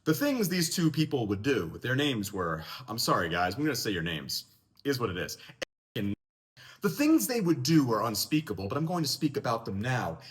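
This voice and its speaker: A young man telling a school story in a casual vlog, animated and jokey. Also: mid-range voice, normal speed. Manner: animated, jokey, lively delivery.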